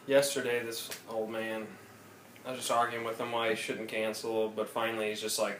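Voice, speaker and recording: Animated man telling work stories. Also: brisk. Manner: animated storyteller, mimics callers in high voices. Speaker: podcast co-host. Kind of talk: casual chat. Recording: roomy phone recording with faint noise.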